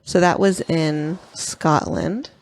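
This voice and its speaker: A woman co-hosting a podcast in casual chat, telling a story in a giggly, animated way. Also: deep voice, slow, dry recording. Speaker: podcast co-host.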